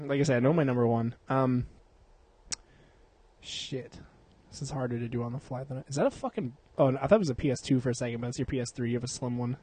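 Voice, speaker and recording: Young male podcast host, mid-pitched, dry close sound; rambling, profane, quick to laugh. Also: mellow, slightly rough, no echo. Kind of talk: casual podcast chat.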